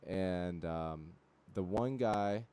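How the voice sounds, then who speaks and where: A young man hosting a livestream, telling rambling, profane stories full of fillers and reacting to chat with loud disbelief. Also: deep voice, very slow, slight background noise. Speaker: livestream host. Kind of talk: casual chat.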